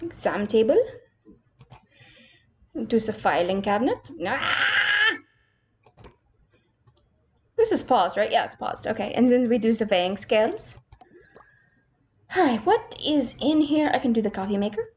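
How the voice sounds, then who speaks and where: A young woman's fairly high voice rambles through casual let's-play commentary, poking fun at herself as she plays. The sound is a little dull and lo-fi, like a home desk mic. Keyboard and mouse clicks tick along behind her. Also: very animated, normal speed, long pauses, a little mellow. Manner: chatty, self-mocking, talks to herself while playing. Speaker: gaming streamer. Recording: slightly dull lo-fi home recording.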